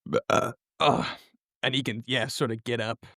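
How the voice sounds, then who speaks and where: A man co-hosting a casual podcast, pitching story ideas in easygoing, halting bursts. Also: fairly even intonation, gravelly, a bit bright, no echo, studio quality. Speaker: podcast co-host. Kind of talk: casual story-planning chat.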